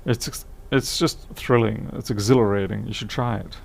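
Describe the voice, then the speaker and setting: A man's voice: fairly low pitch, fairly even intonation, normal speed, darkish tone. A tired man chatting casually on a live stream, thinking aloud as he repairs a laptop, his voice fading. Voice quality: gravelly.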